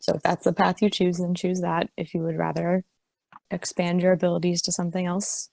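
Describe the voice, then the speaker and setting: A woman talking a player through their choices in a tabletop role-playing game, relaxed and chatty. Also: fairly low pitch, a little fast, dry recording. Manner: lively, gravelly, laughing. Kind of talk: casual tabletop role-play chat.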